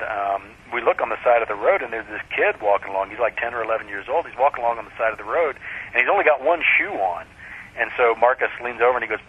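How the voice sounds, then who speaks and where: A man's voice: fairly low pitch, phone-quality sound, a little hiss or hum. A man, a crime fiction author, chatting casually in a radio interview and filling his talk with "you know" and "like that". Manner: peppers speech with "you know" and "like that".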